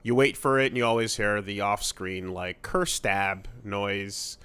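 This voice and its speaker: A man's voice: on the low side, unhurried, a bit bright, clean tone. A man co-hosting a podcast in casual chat, telling a story animatedly, with many restarts and a lot of swearing. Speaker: podcast co-host.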